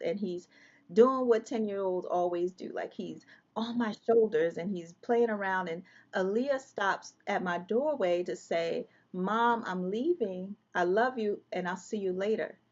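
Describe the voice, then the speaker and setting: A woman's voice: mid-range voice, a little mellow, highs cut off. A woman guest telling an emotional personal story, vividly reliving scenes with quoted dialogue.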